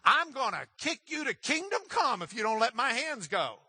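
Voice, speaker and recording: A man's voice: very high voice, big pitch swings, normal speed, sharp tone, husky, no room sound, voice pushed up, heavily acted. A man voicing a brash, hot-tempered male rabbit from a folk tale, bossy and threatening as he tells a story. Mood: angry.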